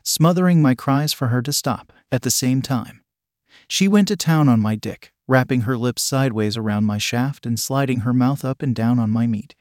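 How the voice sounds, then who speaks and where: Male narrator, mid pitch, steady story reading, dry close mic. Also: no room sound. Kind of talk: first-person fiction narration.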